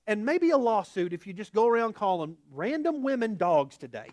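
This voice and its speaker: A man preaching a sermon as a pastor, emphatic and animated, with casual humor. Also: high voice, normal speed, hardly any pauses, no room sound, studio quality.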